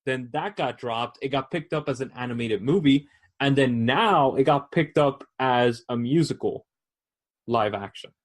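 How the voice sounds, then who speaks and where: A man's voice: mid-range voice, unhurried. A man co-hosting a casual podcast, bluntly giving movie news and opinions. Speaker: podcast co-host. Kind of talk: casual chat.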